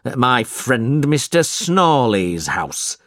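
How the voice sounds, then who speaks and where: A man's voice: mid-range voice, very animated, slow pace, dry recording, clean studio sound. Man doing a cruel, bullying schoolmaster. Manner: bullying, shouting.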